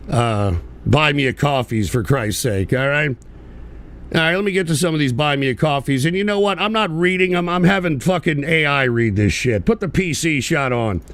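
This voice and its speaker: A man's voice: on the high side, a bit bright. A man hosting an online political show, ranting bitterly and profanely in a repetitive way. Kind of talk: livestream rant.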